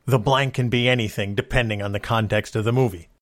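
A man's voice: mid-range voice, flat delivery, a little fast, few pauses, a bit bright. A man hosting a casual solo podcast, talking in a wry, exasperated way. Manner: wry, exasperated complaining about movie cliches. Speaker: podcast host.

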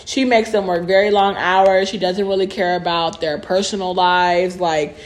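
A woman's voice: lowish voice, fairly even intonation, moderate pace. Blunt conversational woman co-host. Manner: blunt, conversational, reads out facts. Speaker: podcast co-host. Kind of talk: casual chat.

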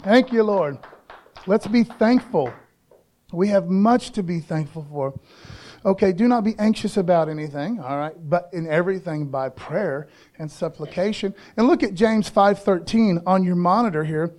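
A male pastor delivers a sermon, his voice sitting noticeably high. He preaches like he is chatting, dropping casual asides and checking in with the listeners again and again. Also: moderate pace, darkish tone. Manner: conversational preaching, peppered with "man" and "okay?".

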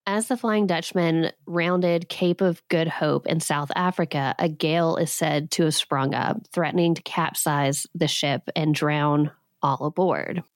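A woman's voice: low voice, steady tone, a little slow, hardly any pauses, no echo, studio quality. A woman in her thirties hosting a podcast, retelling a legend with sarcastic comic asides and frequent laughs. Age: 30s. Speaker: podcast host.

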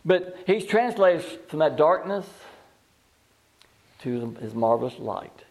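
Higher-voiced man preaching a sermon. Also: expressive, takes it slowly, a little mellow. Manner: reads scripture aloud and asks the listeners questions; repeats words and restarts phrases. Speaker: pastor.

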